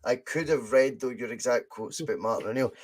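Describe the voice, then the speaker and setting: A man co-hosting a casual podcast chat, telling stories in an animated way and swearing freely. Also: medium pitch, fairly quick. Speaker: podcast co-host.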